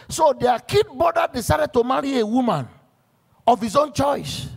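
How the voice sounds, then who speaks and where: Raspy high-voiced pastor preaching. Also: male voice, a little mellow. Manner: emphatic preaching with stories and scripture quotes. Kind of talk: sermon to church workers.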